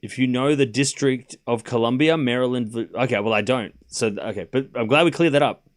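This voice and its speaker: A man's voice: medium pitch, a little fast. A young man hosting a live tennis watchalong, calling points and chatting with his viewers. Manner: chatty, reads out viewer locations between play calls. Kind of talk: live stream commentary and chat.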